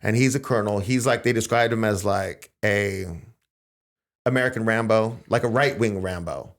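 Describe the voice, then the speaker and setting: Man, podcast host, animated storytelling, casual chat. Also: moderate pace. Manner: animated, acts out quotes with raised pitch.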